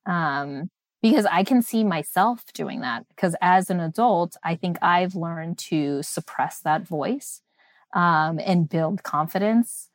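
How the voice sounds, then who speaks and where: A mother seeking advice speaks thoughtfully, pausing and hesitating as she works through ideas. Her voice sits fairly low for a woman. The sound is dry and close. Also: dry recording. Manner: thoughtful, hesitant, many ums. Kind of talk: casual conversation.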